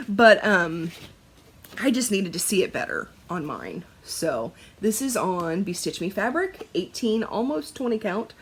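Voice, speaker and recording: A woman's voice: mid-range voice, sing-song, measured pace, slightly rough. A young woman chatting casually about her stitching, laughing often and swearing now and then. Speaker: cross-stitch vlogger.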